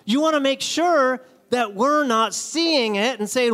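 A man's voice: unhurried, hardly any pauses. A man giving a sermon as a guest speaker, telling stories and acting out the people in them. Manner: animated storyteller, acts out characters with jumps in pitch.

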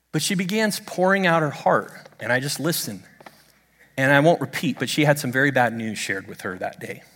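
Middle-aged male preacher, animated storyteller with a bouncy, expressive delivery, miked in a reverberant sanctuary. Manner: animated storytelling, lively swings in pitch. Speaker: pastor. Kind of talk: sermon. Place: church sanctuary under stage lights. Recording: long hall reverb.

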